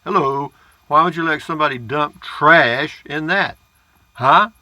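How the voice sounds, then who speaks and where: A man's voice: on the high side, normal speed, bright, forceful tone, no echo. An older man, chatting casually to camera as he reads out viewer comments in a folksy, rambling way. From Central Texas. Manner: folksy, rambling, chuckles at his own jokes. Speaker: vlogger reading viewer comments.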